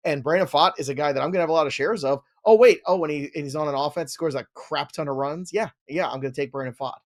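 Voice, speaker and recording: A man's voice: fairly high pitch, quick pace. A man hosting a fantasy baseball chat, enthusiastic and opinionated as he argues for his picks. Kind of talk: casual analytical chat.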